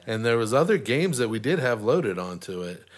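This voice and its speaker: A man, a parent in a family chat, reminiscing and trailing off softly. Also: medium pitch, sing-song, moderate pace.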